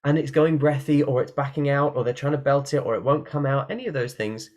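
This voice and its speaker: A man at his computer, talking through a singing lesson in a relaxed, playful way. He jumps between plain explanation and short bursts of sung or shouted examples. His voice sits at an everyday middle pitch. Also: fast talker. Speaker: singing teacher. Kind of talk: online workshop talk. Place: room at a computer by a window.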